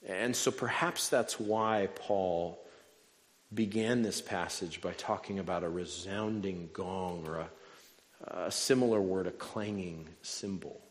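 A man's voice: low voice, slow. A man preaching a sermon in a church, telling a humorous story with wry, self-deprecating asides. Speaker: pastor. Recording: long hall reverb.

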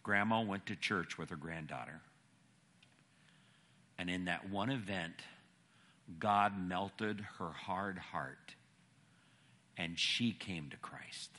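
A man's voice: deep voice, slow, pauses often, bright, forceful tone. A man preaching a sermon and telling a story with emphatic, dramatic pacing.

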